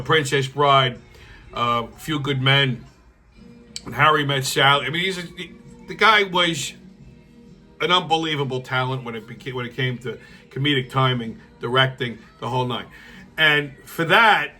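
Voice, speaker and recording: Male host, blunt and profane, fairly high voice with a sharp, forceful edge. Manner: blunt, heated, swears constantly. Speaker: show host. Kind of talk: profane political commentary rant.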